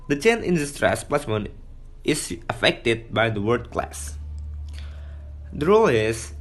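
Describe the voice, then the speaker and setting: Young guy student reading his part slow, voice goes up and down a lot on key words. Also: medium pitch, a bit bright. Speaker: student presenter. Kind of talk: reading a class presentation.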